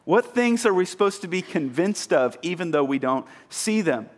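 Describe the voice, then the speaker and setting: A man preaching a sermon in a casual, self-mocking way, acting out scenes with animated exclamations. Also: sits high, moderate pace. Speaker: pastor.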